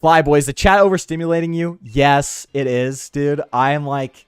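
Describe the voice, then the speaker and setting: A man's voice: on the high side, fairly even intonation, normal speed, smooth, no echo, studio quality. A young man streaming a game, rambling sarcastically with his chat in slangy, offhand talk. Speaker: gaming streamer. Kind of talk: casual let's-play commentary with chat.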